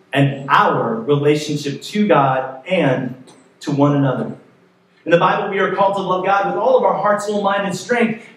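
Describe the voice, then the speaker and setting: A man preaching a sermon as pastor, telling a story in a conversational, lively way. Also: on the high side, a little hiss or hum. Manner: storytelling, animated in places, conversational. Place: church sanctuary. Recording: echoey sanctuary, mic far off.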